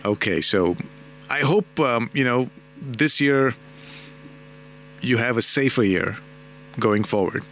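A talkative man runs a late-night call-in show on radio. He gives callers frank advice at an ordinary pitch. Faint hum sits under his voice. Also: animated, takes it slowly, pauses often, a bit bright. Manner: chatty, advice-giving, switches into Hindi.

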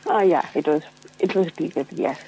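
A woman calling into a radio show just after waking up, speaking in a drowsy, halting, soft way. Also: sits low, husky, rough recording. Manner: drowsy, halting and soft-spoken, laughing shyly. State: just woken up. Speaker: caller.

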